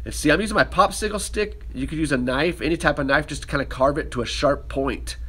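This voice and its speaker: A man's voice: a little high, quick pace, slightly rough. A man teaching a ceramics class, talking casually while he demonstrates with his hands. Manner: relaxed, talks while working with hands.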